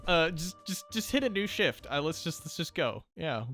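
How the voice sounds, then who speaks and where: Bright-voiced man co-hosting a game playthrough. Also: a little high, very animated, moderate pace, faint music behind. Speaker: gaming channel co-host. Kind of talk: casual let's play chat.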